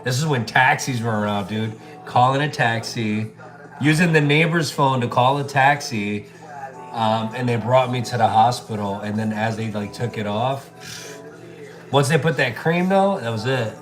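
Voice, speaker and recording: A man's voice: mid-range voice, moderate pace, faint music behind. Laid-back man chatting while he cooks. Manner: chatty, laid-back, reads and answers viewer comments, calls people bro and dude. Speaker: chef livestreaming while cooking. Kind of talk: casual live-stream chat while cooking.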